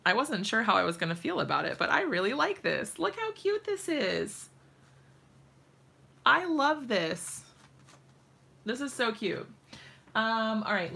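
Giggly, slow-talking woman crafter. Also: medium pitch, creaky, bright, forceful tone, slight background noise. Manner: giggly, chatty, laughs often. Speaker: craft livestream host. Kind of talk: casual live-stream chat while crafting.

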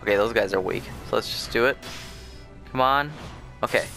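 A man's voice: on the low side, moderate pace, vocal fry, sharp tone. A young man hosting a let's play, giving casual, rambling commentary with lots of fillers and restarts as he plays. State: sleepy, yawning. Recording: faint game music behind.

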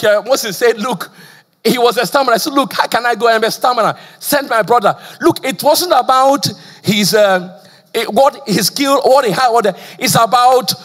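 A man's voice: extremely high pitch, a bit bright. A male pastor from Nigeria preaching a sermon with call-and-response questions, a slight stammer and frequent "praise the Lord.". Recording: long church hall reverb.

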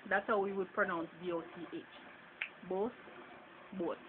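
A woman's voice: mid-range voice, fairly even intonation, fast. A woman from Jamaica with a Jamaican accent, casually reading a word list for an accent tag and chatting about how she says each word. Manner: casual, chatty, laughs between words. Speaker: vlogger. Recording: tinny phone-like audio with faint noise.

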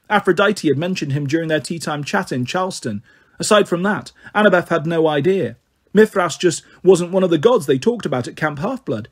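A man narrating a storybook in a steady, even manner. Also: on the high side, husky. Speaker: audiobook reader.

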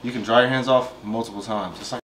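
Man, fast casual talk, slangy, laid-back, home kitchen, pots and pans clattering behind. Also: lowish voice, fairly even intonation, a bit bright, a little hiss or hum. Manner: laid-back, slangy, talks to viewers as "y'all". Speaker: vlog host cooking fish. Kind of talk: casual cooking vlog chat.

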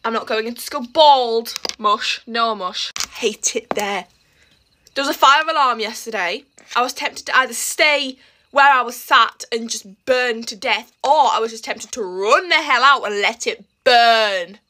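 A woman's voice: a little high, a little slow, pushed and bright. A teenage girl chatting while getting ready for school, dramatic and exasperated, laughing often. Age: teens. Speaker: vlogger. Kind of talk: get-ready-with-me vlog.

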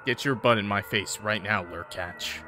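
A man's voice: fairly low pitch, normal speed, sharp tone, soft background music. A man streaming a game, chatting casually with his viewers and laughing often. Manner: laughs often, joking with chat. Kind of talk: casual gameplay commentary.

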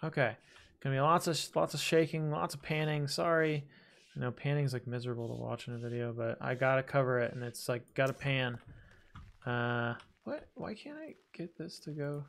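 A man with a gravelly, fry-edged voice talks through a game as he plays it. He rambles casually, mutters to himself, and pokes fun at his own slip-ups. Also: mid-range voice, normal speed, a bit bright. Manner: chatty, self-deprecating, talks to himself while playing. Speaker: gaming video host. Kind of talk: casual let's-play commentary.

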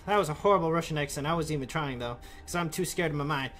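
A let's play gamer giving horror game commentary, talking to the game's figures and bursting into scared yells. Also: mid-range voice, rapid-fire, few pauses.

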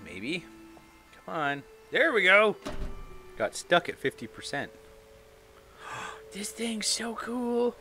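Excitable man narrating a game, lively pitch. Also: slow pace, pauses often. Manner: excitable, reads game text aloud in voices. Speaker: gaming YouTuber. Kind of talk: let's play commentary. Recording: light game music behind.

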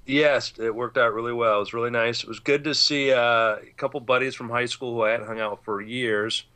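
A man's voice: mid-range voice, steady tone, brisk, sharp tone. A man co-hosting a podcast, telling a rambling story in a laid-back way, with allergies. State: itchy eyes from allergies. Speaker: podcast co-host. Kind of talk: casual storytelling.

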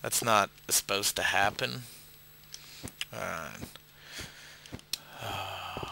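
A man with an Australian accent, a bit drunk, giving casual gameplay commentary and swearing loudly at his own failed jumps. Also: mid-range voice, lively intonation, slow pace, pauses often, crowd noise. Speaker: gamer playing a parkour map.

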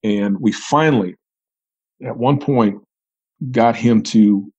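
A man's voice: lowish voice, takes it slowly, a little mellow, slightly rough, muffled recording. A middle-aged man, a retired federal agent, recounting an old case in conversation, often restarting and repeating words. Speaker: retired FBI agent, podcast guest.

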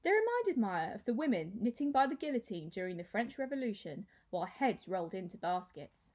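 A woman teacher reading a children's novel aloud with expressive storytelling. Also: mid-range voice, fairly quick.

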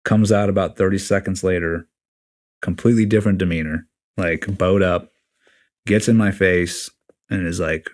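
Very deep-voiced blunt man telling a story. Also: moderate pace. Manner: blunt, profane, animated retelling with quoted dialogue. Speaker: podcast guest, retiring Navy SEAL chief. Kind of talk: casual storytelling interview.

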